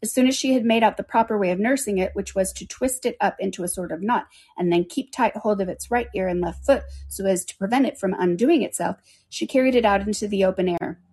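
A woman reads a classic children's story aloud at an even pace. Her voice has a husky, breathy texture and a middle pitch. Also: quick pace. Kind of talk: reading a children's book aloud.

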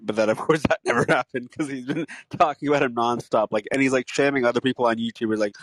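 A young man co-hosting a podcast, chatting in a relaxed way and saying "like" a lot. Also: mid-range voice, quick pace, hardly any pauses, dry recording. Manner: relaxed, heavy use of "like". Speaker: podcast co-host. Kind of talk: casual chat.

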